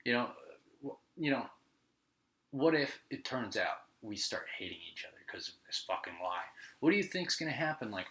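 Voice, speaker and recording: A man's voice: medium pitch, expressive, normal speed, a bit bright, rough recording. A man hosting a podcast, telling stories in a casual, profane, rambling monologue. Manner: profane, ranting storyteller. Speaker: podcast host.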